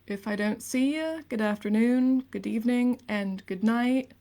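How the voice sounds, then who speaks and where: Mellow young woman reading theory aloud. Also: a little high, a little slow. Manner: soft and earnest, slipping into hushed, casual asides. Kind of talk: late-night reading of theory.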